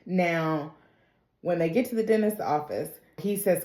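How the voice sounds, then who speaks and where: A woman's voice: fairly low pitch, unhurried, darkish tone, roomy sound. Chatty, laughing woman recapping TV. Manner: chatty, slangy, laughs often. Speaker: TV recap vlogger. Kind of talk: casual TV episode recap.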